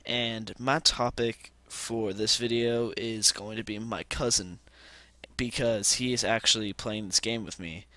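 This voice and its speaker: A man's voice: on the low side, steady tone, measured pace, sharp tone, dry recording. A teenage boy telling a rambling personal story over gameplay, full of fillers and restarts, on a headset mic. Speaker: gaming commentator.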